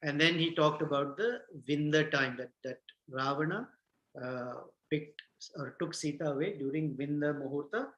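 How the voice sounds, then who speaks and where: A man retelling a scripture story in a class, gentle and halting, with many fillers and restarts. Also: fairly high pitch, reverberant, dull audio. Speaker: storyteller teacher.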